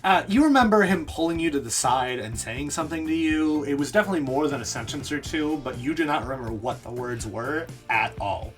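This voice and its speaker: A man narrating as game master in a chatty, lively way. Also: fairly high pitch, a little fast, few pauses, faint music behind.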